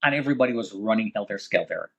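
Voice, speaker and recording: A man with a husky, slightly raspy voice tells his own survival story as a guest. He swings from hushed, low passages to sudden loud bursts. He speaks with deep religious conviction. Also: lively intonation, rapid-fire, muffled recording. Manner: vivid, dramatic retelling that swings between hushed and loud. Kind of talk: emotional first-person storytelling.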